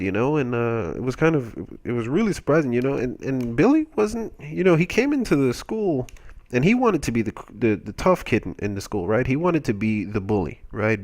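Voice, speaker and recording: A man's voice: medium pitch, darkish tone. A young man commentating over gameplay, telling a rambling, self-mocking comic story with playful exaggeration.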